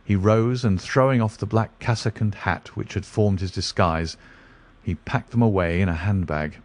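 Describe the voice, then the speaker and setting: A man narrating a classic detective story in a steady, even reading voice. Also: lowish voice, moderate pace.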